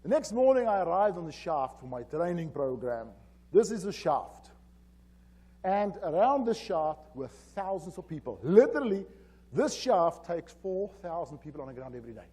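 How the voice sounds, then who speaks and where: A man telling an animated story on stage at a conference, acting out the dialogue. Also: on the high side, normal speed, slightly rough. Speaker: conference keynote speaker. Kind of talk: storytelling presentation. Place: conference hall.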